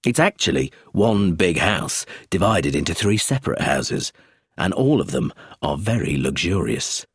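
Man playing a police inspector, matter-of-fact, low, husky. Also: sing-song, unhurried, no room sound, studio quality, heavily acted. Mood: wry.

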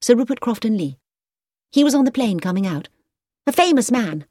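A spirited, quick-witted young woman with a bright, lively lilt that climbs high when she is roused, as a woman reads her aloud. The sound is close and dry, with no echo. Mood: confiding.

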